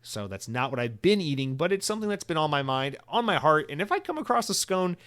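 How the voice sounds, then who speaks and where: A man's voice: fairly high pitch, very animated, fast talker, a bit bright, smooth. A young American man hosting a solo podcast, talking casually in a rambling, profane way, full of restarts and fillers. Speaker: podcast host.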